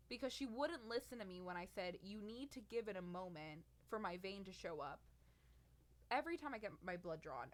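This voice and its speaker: A nineteen-year-old woman hosts her own podcast and tells a personal story. She vents in an exasperated, sarcastic way. Her voice sits at an ordinary middle pitch for a woman. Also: fairly bright tone. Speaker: podcast host.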